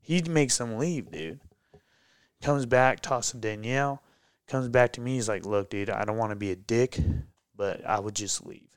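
A man telling a personal story on a podcast, casual and profane, getting heated and animated as he recounts it. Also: mid-range voice, moderate pace, clear, resonant tone, no echo. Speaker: guest, pro MMA fighter.

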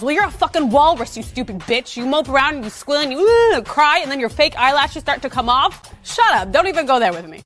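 A woman's voice: high voice, lively intonation, fast talker, hardly any pauses, fairly bright tone, soft background music. A woman in a reality-show confessional interview, brash and profane as she defends herself. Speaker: reality show cast member.

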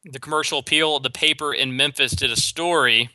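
Bright, fast-talking sports talk host man. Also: mid-range voice, no room sound. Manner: opinionated, rapid with frequent restarts. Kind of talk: solo sports talk commentary.

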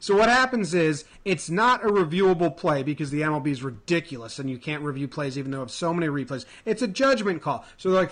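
A man with a high-pitched voice narrates a comedy video in an excitable, profane rant. He swings between shouting and mocking imitations. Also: quick pace, few pauses.

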